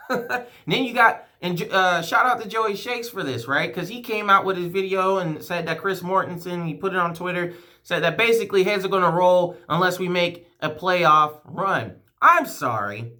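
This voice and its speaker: A man's voice: high voice, expressive, unhurried, pushed and bright. Man in a heated, swearing rant. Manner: heated, profane, emotional rant; rambling with frequent restarts. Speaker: sports fan vlogger. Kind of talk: ranting fan vlog.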